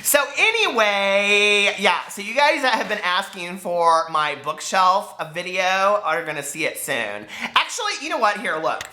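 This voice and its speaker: Bright, animated man rambling about books. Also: sits high, moderate pace, hardly any pauses. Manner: animated, chatty, laughs often, dramatic emphasis. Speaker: book vlogger host. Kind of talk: casual rambling vlog chat. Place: at home, walking between rooms.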